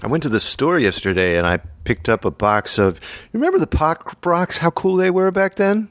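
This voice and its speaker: A man's voice: on the high side, lively intonation, moderate pace, pitched above the performer's own voice, natural voice. A man voicing an eager amateur podcast host who rambles on while saying very little, as a parody sketch. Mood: over-eager.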